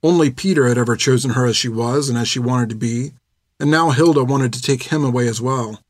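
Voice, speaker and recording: Steady male audiobook narrator, dry sound. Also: medium pitch, a little fast, no echo.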